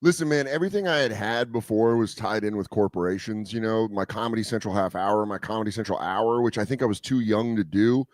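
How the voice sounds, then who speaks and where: Swearing, animated male comedian telling stories. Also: lowish voice, a little fast, few pauses, no echo. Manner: animated storyteller who acts out quoted voices, swears freely. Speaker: comedian guest. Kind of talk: casual storytelling chat.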